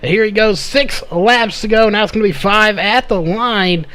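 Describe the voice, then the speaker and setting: A man calling a live race play-by-play, slightly hoarse from losing his voice, with frequent "uh" fillers. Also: high voice, moderate pace, bright, forceful tone. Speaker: race commentator.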